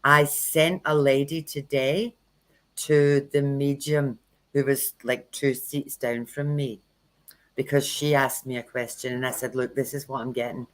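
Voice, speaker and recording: A woman's voice: extremely low pitch, level tone, measured pace, poor audio. A woman hosting a tarot livestream, talking casually and frankly, telling anecdotes and acting out what people said. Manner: frank, anecdotal storytelling with acted-out quotes. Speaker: tarot reader and workshop host.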